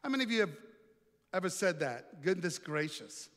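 High-voiced preacher in a reverberant hall. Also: male voice, sing-song, fairly quick, a bit bright. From Italy. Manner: storytelling, playful, asks the audience questions. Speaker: pastor. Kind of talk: sermon. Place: large hall with an audience.

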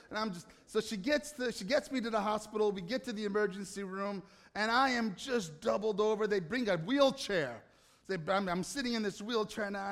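A man preaching to an audience, telling a self-mocking personal story in an animated way with asides to the crowd. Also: sits high. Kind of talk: storytelling sermon. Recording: hall reverb.

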